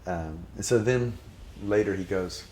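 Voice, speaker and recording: A man telling a personal anecdote about his spiritual teacher in an animated, reverent way, quoting others and reciting passages from memory. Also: sits low, measured pace. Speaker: storyteller.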